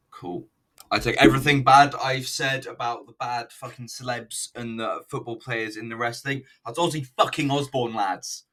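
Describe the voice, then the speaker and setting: A man with a slightly low voice gives casual commentary while he watches and reviews a recorded show. He rambles, swears freely and keeps a sarcastic edge. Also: sharp tone, slight background noise. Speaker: wrestling reviewer.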